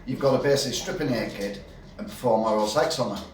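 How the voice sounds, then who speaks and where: A man's voice: mid-range voice, fast talker, slight background noise, close to an everyday voice. A man voicing a blunt, sly barman in a pub joke. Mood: deadpan sly. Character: tough pub barman, male, middle-aged, blunt. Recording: roomy, distant mic, faint ambience.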